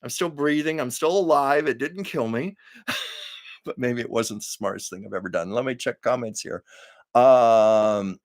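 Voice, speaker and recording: A man's voice: mid-range voice, moderate pace. An older man hosting a live stream, telling rambling stories in a chatty, casual way with frequent fillers.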